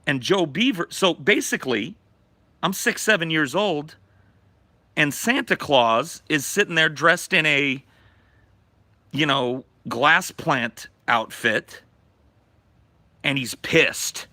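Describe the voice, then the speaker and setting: A podcast host telling a profane, animated story from his childhood in casual talk. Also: on the high side, slow, long pauses, no echo.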